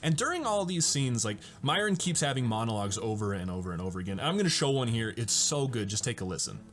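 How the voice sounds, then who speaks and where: A man's voice: mid-range voice, big pitch swings, fast, a bit bright, soft background music. A man hosting a casual movie breakdown, enthusiastic and chatty and often laughing as he retells scenes. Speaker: host of a movie breakdown show.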